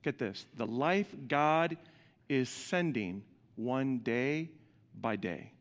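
A male pastor giving a sermon, animated and putting questions to the congregation. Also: mid-range voice, very slow, big-room sound.

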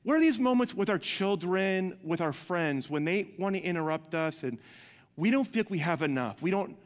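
Male pastor with a slightly high voice, lively preaching with questions to the room, in a hall with long reverb. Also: moderate pace. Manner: animated, asks the congregation questions. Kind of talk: sermon.

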